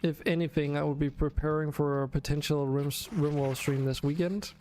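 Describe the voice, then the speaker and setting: A man's voice: a little high, fairly even intonation, moderate pace, a little mellow, faint music behind. A man casually talking through his gameplay on a stream, rambling, drowsy and self-correcting as he goes. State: yawning, sleepy.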